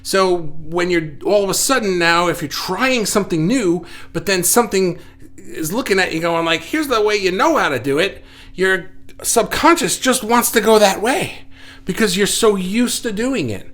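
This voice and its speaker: Rambling man with a higher voice. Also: normal speed, a bit bright. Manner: rambling, self-correcting, reflective. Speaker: livestream host. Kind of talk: casual live chat reading comments. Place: indoor studio under lights. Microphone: facing camera, reading viewer comments.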